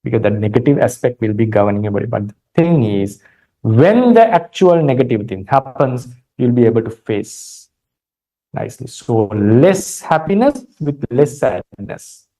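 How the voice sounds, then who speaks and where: A man with a Sri Lankan accent giving a calm Buddhist dharma talk, retelling a story with many fillers and restarts. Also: mid-range voice, moderate pace, low-quality recording. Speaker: Buddhist monk teacher.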